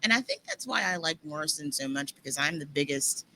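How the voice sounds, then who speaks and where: A man co-hosting a casual podcast chat, easygoing and hesitant, who fills his pauses with lots of "uh" and "um". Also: fairly high pitch, animated, bright, forceful tone, slight background noise. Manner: easygoing, hesitant, many fillers. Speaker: podcast co-host, music news.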